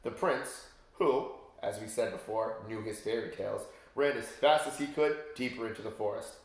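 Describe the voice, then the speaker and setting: A man's voice: on the low side, moderate pace. Man reading a storybook, very echoey. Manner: chatty asides to young listeners. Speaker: teacher reading aloud. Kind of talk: children's read-aloud. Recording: very echoey room.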